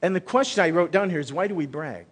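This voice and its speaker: A man's slightly rough, a-little-high voice moves fast as he preaches a Sunday sermon as pastor. Recorded amid the long reverb of a large church sanctuary, he speaks animatedly and conversationally, thinking aloud with frequent restarts.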